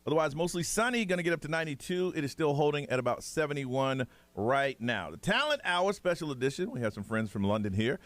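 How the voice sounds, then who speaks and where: A man hosting a morning radio show, with a fairly high voice that swings all over as he jokes and teases his callers. He talks in quick, upbeat banter. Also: expressive, a bit bright, dry recording. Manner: joking, teasing callers.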